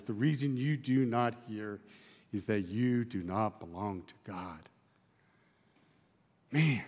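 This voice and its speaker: A man's voice: medium pitch, long reverb tail. A male pastor preaching a sermon, emphatic, driving his points home with repeated rhetorical questions.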